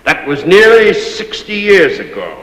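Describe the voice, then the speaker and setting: A man's voice: sits high, wildly swooping pitch, unhurried, a bit bright, heavily acted. A stage actor playing a pompous, overbearing old man who rules a servant, declaiming grandly. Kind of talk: stage play performance. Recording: echoey stage hall recording.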